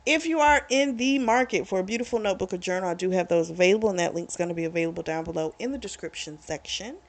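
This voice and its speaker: A woman's voice: mid-range voice, fast. A woman hosting her own book review channel, chatting casually through the plot with lots of "like" and "you know".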